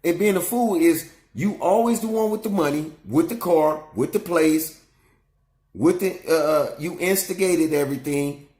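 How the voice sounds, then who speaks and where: A man's voice: a little high, normal speed, mellow, roomy sound. A father at home giving blunt life advice in a profane, emphatic monologue, repeating his points for weight. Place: at home with his young son nearby.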